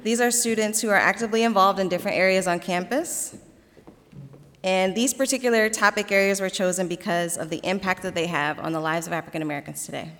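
A woman moderating a student panel, introducing the panelists and asking questions in a clear, formal way. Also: mid-range voice, fast, a bit bright. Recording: reverberant hall.

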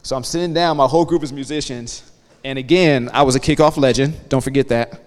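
In a campus hall with long reverb, a man in his thirties gives a motivational talk to students as a guest speaker. His mid-range voice is brisk, and he's an energetic storyteller who tells lively stories and often checks in with the audience.

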